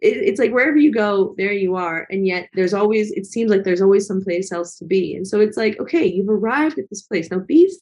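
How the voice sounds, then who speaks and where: A woman's voice: mid-range voice, animated, fairly quick, few pauses, darkish tone. A woman talking as a guest in a casual conversation, earnest and reflective, with lots of fillers. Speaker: guest, travel vlogger.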